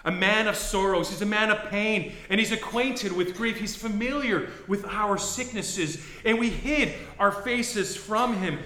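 A male pastor with a high, bright voice delivers a dramatic sermon, dropping to a hush and then rising to a shout. The room around him rings with echo. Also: a little slow, few pauses. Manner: dramatic, swings from hushed to shouting.

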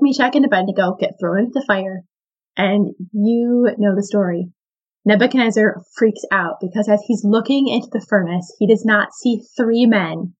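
A woman's voice: medium pitch, highs cut off. A woman hosting a podcast, teaching a Bible story in a casual, enthusiastic way, with lots of "I mean" and "like". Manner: chatty and enthusiastic, full of "I mean" and "like".

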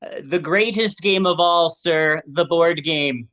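A woman's voice: on the low side, takes it slowly, fairly bright tone. A woman playing an eager male board game expert who rambles enthusiastically and jumps from idea to idea, heard on a dull, lo-fi recording. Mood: enthusiastic.

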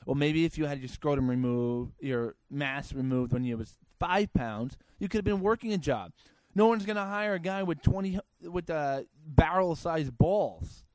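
Sarcastic ranting man, higher voice. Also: normal speed, darkish tone, no room sound. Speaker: podcast host. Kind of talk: comedic news commentary.

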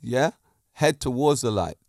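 A man's voice: medium pitch, lively intonation, a little slow, a little mellow, no echo, clean studio sound. A man hosting a fitness lifestyle podcast, talking in an upbeat, preachy way and cracking jokes. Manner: upbeat and preachy, tells jokes, laughs often. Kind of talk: motivational podcast monologue.

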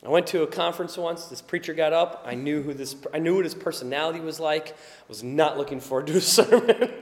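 A male preacher giving a conversational sermon, sometimes quiet and chatty, sometimes loud and emphatic, and he laughs often. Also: a little high, a little fast, in a large hall. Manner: animated, swings from quiet asides to loud emphatic shouts.

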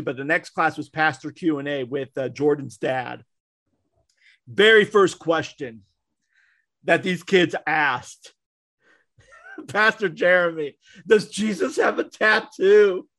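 A man's voice: high voice, a bit bright, no room sound. A young man co-hosting a podcast, telling a long story in casual chat with laughs and sarcastic asides. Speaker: podcast co-host.

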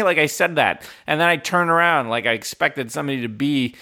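A man's voice: on the high side, brisk, bright, forceful tone. A young man co-hosting a casual film chat, ranting with lots of swearing and frequent laughter. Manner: profane ranting, laughs often. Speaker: podcast co-host.

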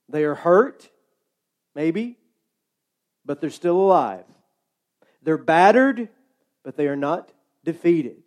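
A man preaching a sermon, slow and emphatic with dramatic pauses. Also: sits high, darkish tone.

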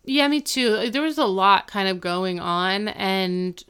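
A woman's voice: medium pitch, animated, takes it slowly, a bit bright, clear, resonant tone. A woman in casual chat, recapping a TV episode with lots of "like" and acting out the characters' lines. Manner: chatty, peppered with "like", acts out the characters' lines.

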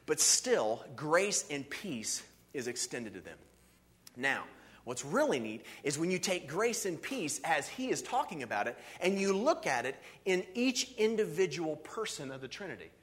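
Animated man preaching a sermon. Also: a little high, normal speed. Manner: animated, conversational preaching with frequent "see" and "okay". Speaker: pastor.

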